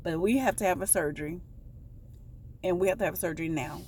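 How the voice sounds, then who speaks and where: A woman voicing a concerned female doctor who gasps out drawn-out, breathy exclamations. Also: fairly low pitch, a little mellow, a little hiss or hum, natural voice.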